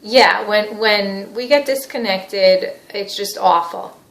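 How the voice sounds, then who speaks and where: A woman's voice: mid-range voice, slow, creaky, fairly bright tone. A woman voicing a frustrated husband in a couples-therapy role-play, blunt and exasperated. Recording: echoey room.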